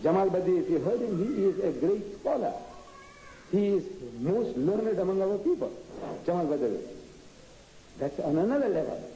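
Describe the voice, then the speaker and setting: A man's voice: high-pitched, expressive, moderate pace, long pauses, dark tone. A man answering audience questions at a public lecture, emphatic and combative, firing off rhetorical questions. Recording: echoey hall with faint noise, archive tape.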